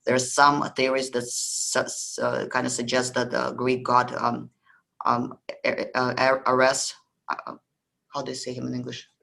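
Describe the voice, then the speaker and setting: A man's voice: medium pitch, monotone, measured pace, gravelly, pushed and bright, low-quality recording. A man hosting a history podcast, talking loosely about ancient beliefs with many ums and restarts. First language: Russian. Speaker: podcast host. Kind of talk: casual history lecture.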